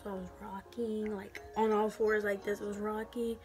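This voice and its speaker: A woman's voice: mid-range voice, flat delivery, normal speed, music in the background. A young woman telling a story frankly and casually, full of slang and swearing. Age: young adult. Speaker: vlogger.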